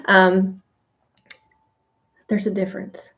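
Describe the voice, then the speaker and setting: A woman teaching a devotional Bible study in an earnest, reflective way, pausing often to think. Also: medium pitch, fairly even intonation, darkish tone, muffled recording. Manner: earnest and reflective, with thoughtful pauses and fillers. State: briefly emotional.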